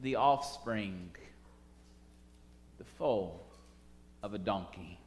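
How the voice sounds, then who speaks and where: A man preaching a sermon, swinging from soft, quiet phrases to loud, urgent calls. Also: lowish voice, very slow, big-room sound, slight background noise. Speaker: pastor.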